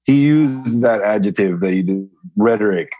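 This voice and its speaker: A man talking casually as a coaching client, animated and laughing easily. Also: lowish voice, normal speed. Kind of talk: casual chat.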